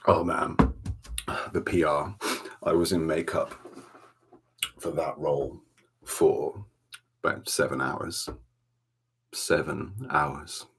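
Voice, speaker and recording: A man with a Welsh accent hosting a relaxed ASMR livestream from a dark room at home, chatting softly and greeting viewers by name. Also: very deep voice, slow, pauses often, a little hiss or hum. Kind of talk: soft-spoken ASMR chat.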